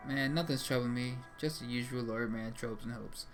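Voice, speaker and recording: A man's voice: medium pitch, steady tone, fairly quick, faint music behind. A young man streaming a game live, talking casually and with a lot of swearing, and reading the dialogue aloud in changing voices.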